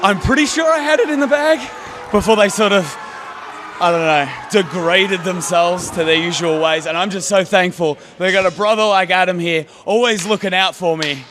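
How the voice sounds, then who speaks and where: A man's voice: sits high, normal speed. A man, a wrestling champion, talking cockily and joking in a post-show wrap-up. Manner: cocky, boastful, joking. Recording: noisy background.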